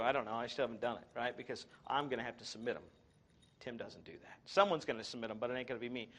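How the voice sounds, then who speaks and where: A man giving a live marketing talk, energetic, sarcastic and self-mocking. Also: on the high side. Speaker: seminar presenter.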